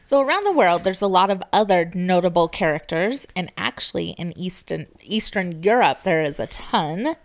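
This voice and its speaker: A woman with a slightly low voice hosts a relaxed podcast chat. She tells folklore in a playful way and laughs often. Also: normal speed, hardly any pauses. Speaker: podcast host.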